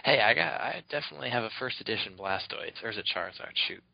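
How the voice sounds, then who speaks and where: A man's voice: medium pitch, lively intonation, quick pace, gravelly, no echo. A man co-hosting a podcast, telling a rambling story with lots of fillers and laughs. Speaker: podcast co-host. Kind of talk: casual chat, telling anecdotes. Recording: dull lo-fi dry recording.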